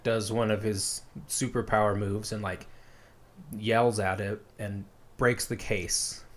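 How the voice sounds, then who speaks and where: Guy with a lowish voice retelling a story, loose and rambly, lots of "like". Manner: rambling, filler-heavy retelling. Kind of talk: casual storytelling recap.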